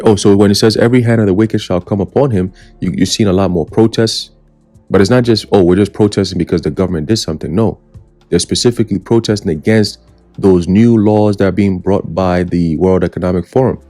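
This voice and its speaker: Emphatic male preacher with dark low voice. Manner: emphatic, rhetorical questions, frequent "okay?" and "right?"; mocking, taunting tone at times. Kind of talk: scripture teaching sermon.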